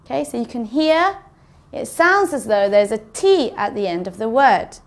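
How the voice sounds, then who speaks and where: A woman teaching English pronunciation in a slow, careful way, saying each word twice for learners. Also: on the high side, animated. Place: classroom with a board.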